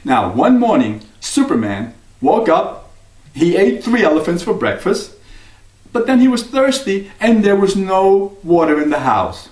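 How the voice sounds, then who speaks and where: A man telling a folk tale to listeners in an expressive storytelling style. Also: high voice, a little slow. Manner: expressive, lively, sings refrains. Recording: roomy, mic at a distance.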